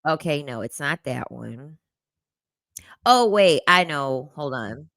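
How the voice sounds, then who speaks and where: A woman's voice: low-pitched, animated, slow pace, fairly bright tone, no room sound. A young woman hosting casual reaction commentary, sassy and slangy, often breaking into laughter. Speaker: commentary host.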